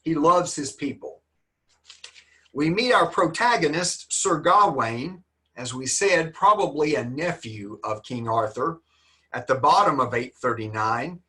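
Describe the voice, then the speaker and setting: A man's voice: fairly high pitch, lively intonation, unhurried, bright, forceful tone. A man, teaching a literature class online in a folksy, joking, encouraging manner.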